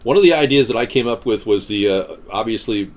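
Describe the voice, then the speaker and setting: A man chats casually on a live stream, rambling off the cuff and cracking jokes as he reads viewer comments. His pitch is in the middle range, but it rises and falls a lot. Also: animated, quick pace. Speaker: live stream host and political candidate.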